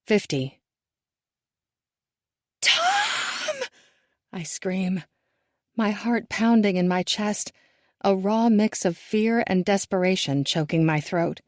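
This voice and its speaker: A woman narrating a first-person thriller audiobook in a measured, hushed and tense manner. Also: mid-range voice, dry recording, clean studio sound.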